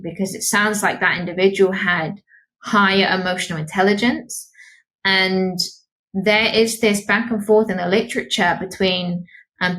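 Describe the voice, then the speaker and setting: A woman's voice: mid-range voice, fairly bright tone, low-quality recording. A woman psychologist co-hosting a podcast, explaining research in an academic way. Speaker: psychologist co-host. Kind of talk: podcast discussion.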